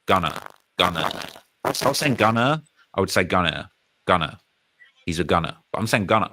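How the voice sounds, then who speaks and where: Animated British man, bright voice. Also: sits low, moderate pace. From United Kingdom. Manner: animated, emphatic, repeats phrases, reads comments aloud. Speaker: streaming commentary host. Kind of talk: casual commentary on rap news and chat comments.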